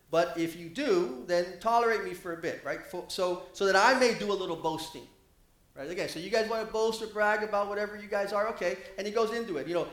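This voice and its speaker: A man preaching a sermon, animated, his voice rising and getting louder when he quotes scripture. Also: sits high, echoey room.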